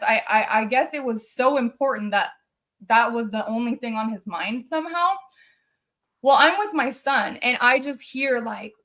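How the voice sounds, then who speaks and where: A woman's voice: on the high side, a bit bright. Earnest woman telling her story. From United States. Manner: earnest, emotional, circling back over details. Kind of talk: personal storytelling on a live stream.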